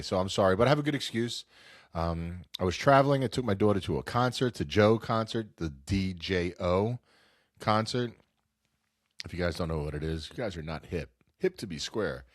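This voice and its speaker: This sports podcast host speaks in a low voice, sounding congested and nasal from a cold as he rambles through a casual talk show. He keeps cutting himself off and acts out quotes, all in a dry, clean studio recording.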